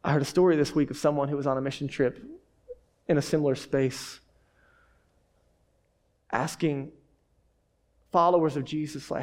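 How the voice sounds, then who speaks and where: A male pastor giving a sermon in an animated, conversational storytelling manner, dropping in frequent "like"s. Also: fairly high pitch, moderate pace, long pauses.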